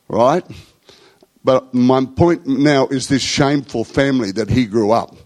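A man's voice: medium pitch, measured pace, a little mellow, poor audio. A middle-aged man with an Australian accent, telling rambling, slangy stories in a conversational talk to a group.

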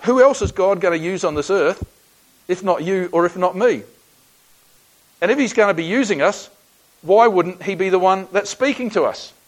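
A man's voice: sits high, expressive, normal speed, low-quality recording. An Australian man preaching a sermon, telling a personal story in a conversational, folksy way with frequent restarts.

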